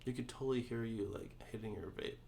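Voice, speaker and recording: A young man co-hosting a casual podcast chat, laid-back, with short agreeing replies and halting stories. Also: medium pitch, vocal fry, mellow, a little hiss or hum. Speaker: podcast co-host.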